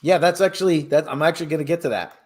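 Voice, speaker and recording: A man's voice: fairly high pitch, very fast, darkish tone. A man hosting a casual livestream who chats loosely and reads news stories aloud, rambling and tripping over words as he goes. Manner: rambling, stumbles over words while reading. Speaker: livestream host.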